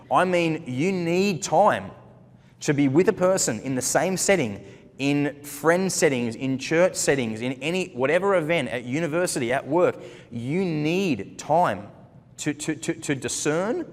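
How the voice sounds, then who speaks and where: A man speaking as a Christian ministry speaker, giving earnest, conversational advice and telling stories, often repeating words as he searches for them. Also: on the high side. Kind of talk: advice talk with storytelling. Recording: long hall reverb.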